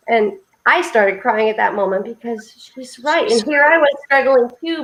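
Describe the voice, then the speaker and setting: Earnest high-voiced woman telling stories. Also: normal speed, few pauses, low-quality recording. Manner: earnest, heartfelt storytelling with a preacher's lift. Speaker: co-host of a faith support livestream. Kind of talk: casual faith-based chat.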